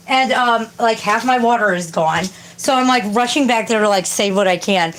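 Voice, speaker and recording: A woman's voice: a little high, animated, fairly quick, few pauses, noisy background. A woman hosting a casual livestream from home, rambling and swearing as she answers chat. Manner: profane, rambling, talks to chat and yells at her cat. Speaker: livestream host reading chat. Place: home, indoors.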